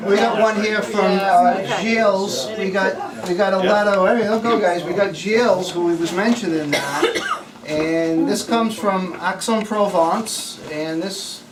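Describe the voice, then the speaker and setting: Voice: medium pitch, a little slow. A master of ceremonies at a memorial, loose and informal, introducing the next reader. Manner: loose, informal, restarting phrases. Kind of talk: casual hosting remarks. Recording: echoey hall from far off over a loud crowd.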